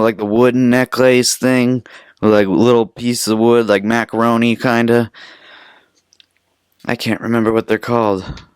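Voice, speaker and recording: Rambling, profane young man, low and dry. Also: smooth, no echo. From Canada. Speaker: podcast host. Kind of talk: casual solo podcast storytelling.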